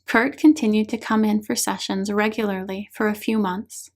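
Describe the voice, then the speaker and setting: A woman reading her own book aloud as an audiobook, in a calm, measured way. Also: mid-range voice. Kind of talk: audiobook narration.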